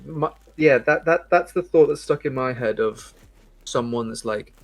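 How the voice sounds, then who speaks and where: A man on a game panel, quick and joking as he suggests questions to his teammates. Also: mid-range voice. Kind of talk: casual game-show banter.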